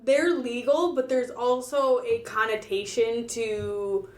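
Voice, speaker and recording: A woman's voice: fairly high pitch, fairly even intonation, slow. A woman co-hosting a podcast in casual chat, explaining things with hesitant fillers. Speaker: podcast co-host. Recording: echoey room with faint ambience.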